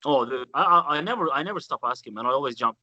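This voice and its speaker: Bright-voiced man telling rambling anecdotes. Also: medium pitch, expressive, fast talker, dry recording, lo-fi sound. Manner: rambling anecdotes full of restarts, "dude" and "man". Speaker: guest bassist. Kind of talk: casual chat.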